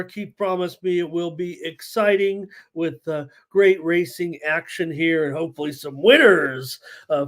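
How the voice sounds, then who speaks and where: A man hosting a live sports betting stream, talking casually with frequent fillers and reading viewer chat aloud. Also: high-pitched. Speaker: sports betting show host.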